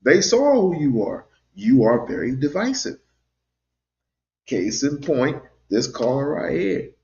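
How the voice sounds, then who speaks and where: A man's voice: medium pitch, very animated, slow, vocal fry, warm tone, muffled recording. A man co-hosting a livestream call-in, lecturing emphatically. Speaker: livestream co-host. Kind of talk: call-in commentary.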